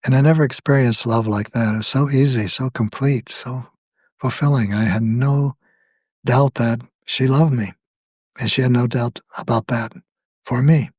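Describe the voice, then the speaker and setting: An older man, a guest author, speaking in a slow, measured, thoughtful way in a reflective conversation. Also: medium pitch, steady tone, a little mellow, dry recording, clean studio sound.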